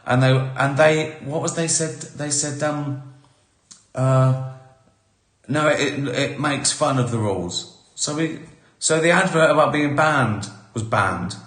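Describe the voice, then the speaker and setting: A man's voice: mid-range voice, slow, fairly bright tone. A middle-aged man and comedian chatting casually on a live stream, telling stories with dry humor and a lot of swearing. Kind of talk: casual chat. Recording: roomy echo.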